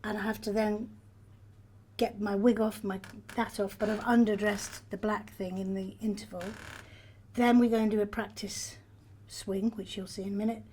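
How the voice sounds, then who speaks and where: An older woman, a stage actor telling backstage stories in a lively, self-deprecating way with frequent laughs. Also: medium pitch, moderate pace, slight background noise. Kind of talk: backstage storytelling. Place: theatre backstage.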